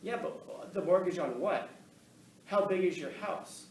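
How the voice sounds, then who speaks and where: An unhurried man with a voice that sits high rambles conversationally through stories for an audience, with plenty of laughs and restarts. The camera recording places him far from the mic in an echoey room, with faint ambience and a touch of hiss or hum.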